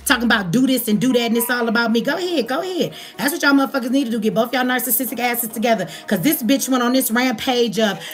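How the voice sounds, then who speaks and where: A woman's voice: on the high side, fast talker, few pauses, faint music behind. A woman with an African American English accent giving a profane, heated commentary rant straight to her viewers. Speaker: commentary vlogger. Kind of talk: ranting commentary.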